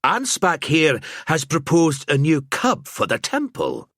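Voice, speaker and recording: A man's voice: fairly high pitch, huge pitch swings, takes it slowly, a bit bright, no echo, studio quality, voice pushed up, exaggerated voice. A male narrator voicing a rowdy knight speaking with irony. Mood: ironic. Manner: ironic.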